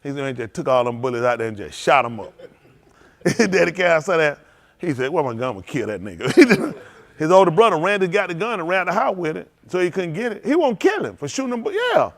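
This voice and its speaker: Animated preacher man telling stories. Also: on the high side, brisk, creaky. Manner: animated, laughing, repeats and restarts phrases. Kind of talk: loose storytelling sermon.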